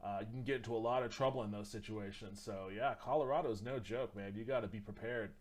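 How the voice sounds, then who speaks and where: A man's voice: fairly low pitch, fast. A man streaming, reacting to videos in a loose, rambling casual chat that includes some swearing.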